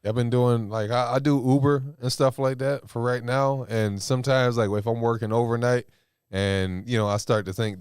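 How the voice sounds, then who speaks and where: A man with a smooth, clear voice hosting a laid-back podcast chat. He responds in an easygoing, encouraging way with casual slang. The recording is dry and close. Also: medium pitch, moderate pace, dry recording. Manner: relaxed, affirming listener with slangy back-channels.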